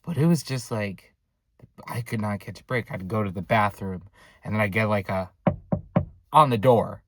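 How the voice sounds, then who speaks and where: A young man telling a casual story for his vlog, rambling with lots of filler words, recorded in a dark room at home. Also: lowish voice, moderate pace, music in the background. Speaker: vlogger.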